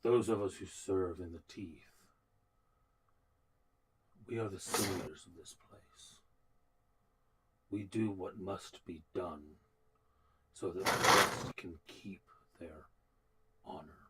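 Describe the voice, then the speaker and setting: A man voicing a solemn, grim male soldier of a dark order in a tabletop game, speaking in a grave, measured way. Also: deep voice, recorded from a distance, noisy background, pitched below the performer's own voice.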